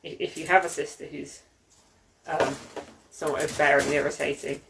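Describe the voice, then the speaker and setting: A woman's voice: sits low, flat delivery, brisk, gravelly, background noise. A woman co-hosting a casual hobby chat, talking at length about a book with many fillers and restarts. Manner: rambling, lots of fillers and restarts. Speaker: podcast co-host.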